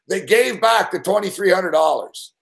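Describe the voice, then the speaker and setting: A man's voice: high-pitched, creaky. A man hosting a show, telling a long profane story in an agitated, swearing rant. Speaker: show host.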